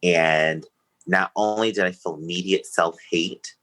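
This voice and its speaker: Podcast guest, male, low pitch, forceful tone, candid and emotional storytelling. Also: steady tone, a little slow, poor audio. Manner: emotional, earnest, open.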